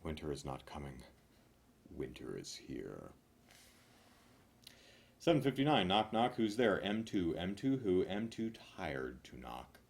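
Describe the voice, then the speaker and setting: Lively low-voiced guy reading jokes, big swings between loud and mumbled. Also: moderate pace, few pauses, slight background noise. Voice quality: animated, jumps between loud punchlines and mumbled asides. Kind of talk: rapid-fire joke reading.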